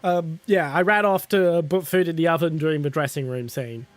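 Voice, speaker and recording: A man's voice: on the high side, brisk, soft background music. A man streaming live who chats casually, laughs often and swears freely as he talks to viewers. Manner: giggly and chatty, swears casually.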